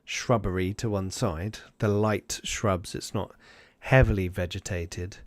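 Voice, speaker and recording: A man runs the table as game master, talking his way through each scene and dropping into voices for the side characters. His voice is low, and it sounds close and dry, with no room around it. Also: steady tone, unhurried, no room sound. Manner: loose, searching narration that acts out side characters. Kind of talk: improvised tabletop narration.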